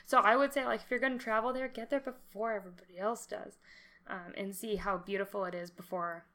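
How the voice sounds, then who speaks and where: A young woman co-hosting a podcast in casual chat, animated and chatty, laughing often. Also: medium pitch, fairly quick. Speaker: podcast co-host.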